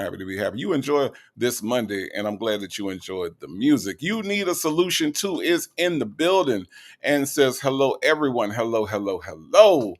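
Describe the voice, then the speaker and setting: A man's voice: mid-range voice, gravelly, a bit bright. A man hosting a casual livestream, greeting viewers from the chat in a playful, teasing way. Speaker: livestream host.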